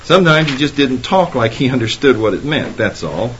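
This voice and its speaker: A man's voice: medium pitch, lively intonation, brisk, fairly bright tone, slight background noise. A man preaching a sermon, rising emphatically when quoting Scripture. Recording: dull lo-fi sermon recording.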